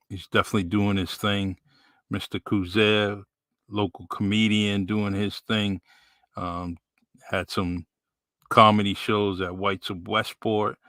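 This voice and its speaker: A man with a New England accent hosting a podcast in a relaxed, rambling way with many fillers. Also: low-pitched, no echo. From New Bedford, Massachusetts. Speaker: podcast host. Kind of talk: casual live-stream chat.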